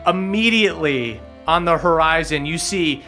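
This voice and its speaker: A man's voice: fairly high pitch, animated, normal speed, pushed and bright, faint music behind. A man narrating and explaining the rules as game master of a tabletop game, with fillers.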